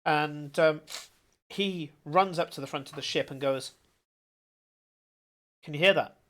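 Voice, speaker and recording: A man narrating as game master, bursting into loud character voices. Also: fairly high pitch, a little slow. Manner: animated, shouting out character lines.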